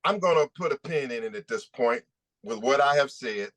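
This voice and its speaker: A man's voice: medium pitch, expressive, normal speed, a bit bright. Emphatic man asking rhetorical questions. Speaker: attorney hosting a press conference. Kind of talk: press conference speech.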